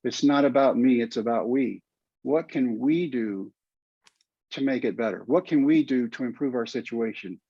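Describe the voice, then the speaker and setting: A man's voice: mid-range voice, moderate pace, warm tone, no echo. An older man with a Texan drawl tells a story with earnest feeling. His voice sits in a middle register, and the sound is dull and lo-fi with a dry, close feel. He speaks as a podcast guest recalling what moved him. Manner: emotional, earnest storytelling with quoted asides. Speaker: guest, former pitcher and teacher.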